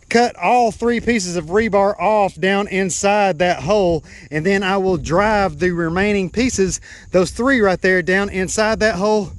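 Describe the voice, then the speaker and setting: A man's voice: high voice, no echo. A man walking viewers step by step through a backyard build in casual, hands-on talk. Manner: explains step by step, points things out. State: out of breath at times. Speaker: DIY vlogger. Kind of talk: casual DIY build walkthrough. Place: outdoors in a backyard.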